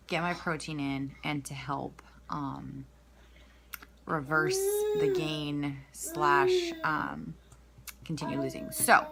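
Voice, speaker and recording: A woman vlogger, just woken up, talks through her week in a candid, rambling video diary. Her voice sits fairly low yet sounds bright and forceful, and she keeps stopping to restart with ums. A faint hum of noise lies under her.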